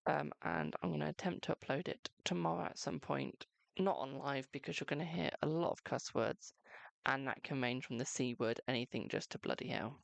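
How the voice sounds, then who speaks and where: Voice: medium pitch, a little fast, gravelly, no echo. A live-stream host doing tarot readings in a chatty, reassuring way, calling viewers "my darling" and leaning on "okay" between lines. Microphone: close microphone.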